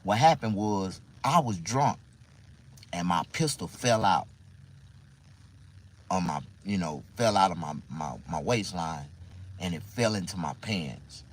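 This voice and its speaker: A man's voice: low voice, animated, a little slow, pauses often. A man telling a rambling personal story in a casual, profane way, laughing often and repeating himself.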